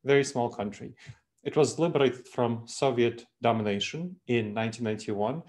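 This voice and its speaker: A man's voice: medium pitch, normal speed, a little mellow. Man with a Moldovan accent teaching. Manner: earnest, explanatory, with many restarts. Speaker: speaker. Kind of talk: webinar talk.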